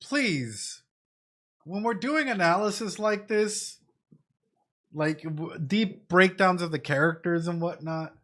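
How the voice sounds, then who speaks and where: A man in a casual live-stream reaction, chatting freely and speaking directly to his viewers. His voice sits a little high for a man, and he circles back to the same phrases. The talk is loose and conversational. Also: slow, pushed and bright. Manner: chatty, repeats phrases, addresses chat directly; thinks in Spanish at times.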